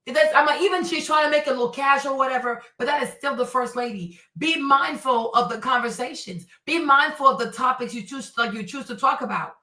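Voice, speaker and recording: A woman's voice: high voice, fairly quick, hardly any pauses, bright, forceful tone, roomy sound, recorded from a distance, rough recording. A woman hosting a commentary stream, ranting in an indignant, preachy way and repeating herself for emphasis. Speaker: commentary host.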